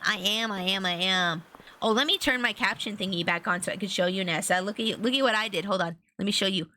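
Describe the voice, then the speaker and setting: A woman streaming a farming game, chatting casually and getting excitable and squealy over every find. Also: mid-range voice, fast. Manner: bubbly, excitable, squeals at finds. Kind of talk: casual gameplay stream chat.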